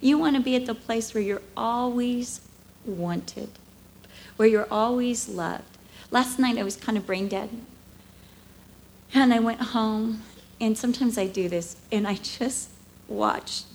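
A woman in her fifties giving a conversational sermon at church, telling emotional stories with lively swings from hushed to animated. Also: fairly high pitch, slow pace, long pauses, poor audio. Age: 50s. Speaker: speaker at a church.

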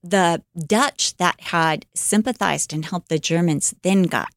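A woman's voice: on the low side, takes it slowly, dry recording, studio quality. A woman co-hosting a podcast, casually retelling a life story with fillers and acted-out quotes.

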